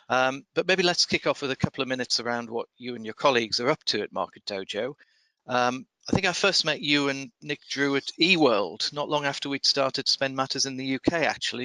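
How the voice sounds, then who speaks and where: A man hosting a podcast, reading procurement news in a measured, dryly wry way and then interviewing a guest. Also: mid-range voice, sharp tone, no echo, rough recording. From United Kingdom. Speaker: podcast host. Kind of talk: scripted news commentary and interview.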